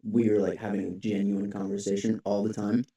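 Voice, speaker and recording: A man's voice: fairly low pitch, level tone, brisk, dark tone. A young man co-hosting a podcast in casual chat, rambling with lots of "like" and restarts. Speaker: podcast co-host. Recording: echoey room, far from the mic.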